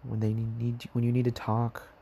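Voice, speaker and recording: A young man speaking softly and haltingly in a personal diary vlog, tired and sad, sometimes dropping close to a whisper. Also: mid-range voice, monotone, gravelly, breathy edge. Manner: soft, hesitant, halting, sometimes near a whisper. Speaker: vlogger.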